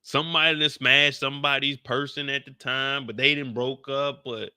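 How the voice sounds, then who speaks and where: A man hosting a casual video recap, full of slang and jokes, speaking straight to his viewers. His tone is bright and forward. The sound is close and dry, with no room echo. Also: mid-range voice, steady tone, moderate pace, smooth. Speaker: host of a TV recap channel. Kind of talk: casual, animated video commentary.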